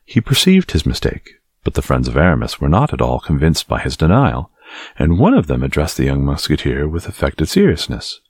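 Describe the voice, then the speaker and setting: A man reading a classic novel aloud as narrator, in an expressive, varied way. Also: rumbling low, a little fast, breathy edge, no echo, studio quality. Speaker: audiobook narrator. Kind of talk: scripted narration.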